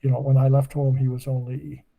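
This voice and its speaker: A man in his eighties, from Nova Scotia in Canada, guests on a podcast, chatting casually and rambling through lengthy stories. His medium-pitched voice is creaky and mellow, monotone and brisk, heard on a rough recording.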